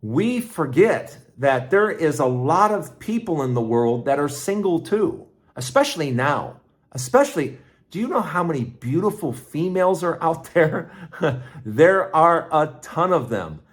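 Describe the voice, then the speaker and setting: A middle-aged man hosting his own podcast, telling a personal story in a rambling, casual way with restarts and lively asides. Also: a little high, measured pace. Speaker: podcast host.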